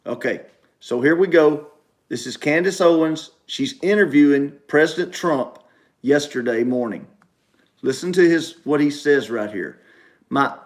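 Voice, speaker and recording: A middle-aged man, hosting a casual talk livestream from home and repeating his points emphatically. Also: on the high side. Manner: emphatic, repeats instructions to viewers. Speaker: talk show host.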